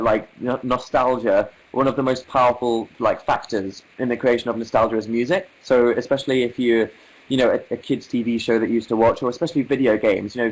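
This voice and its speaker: A man's voice: mid-range voice, low-quality recording. Young man, English accent, livestream host, wry, articulate, casual chat. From England. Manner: wry, articulate, reads chat aloud with amused asides.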